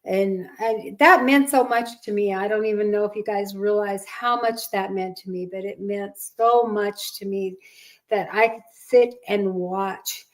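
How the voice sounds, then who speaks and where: A woman's voice: mid-range voice, steady tone, unhurried, poor audio. An older woman hosting a family podcast, speaking in a casual chat and fighting back tears. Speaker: podcast host, mother.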